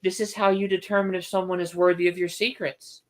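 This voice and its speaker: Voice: mid-range voice, level tone, brisk. An author hosting a casual book livestream, thinking aloud with restarts and firm opinions.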